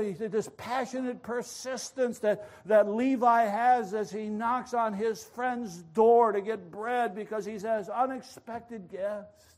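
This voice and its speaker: A man preaching a sermon, telling a story with animated passion. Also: high voice. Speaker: pastor.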